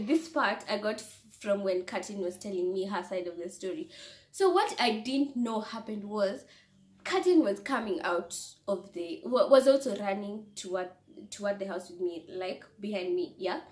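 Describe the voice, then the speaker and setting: A young woman vlogger telling a story in an animated, breathless way, laughing often and restarting her sentences. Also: medium pitch. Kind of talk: storytime vlog. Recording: echoey room.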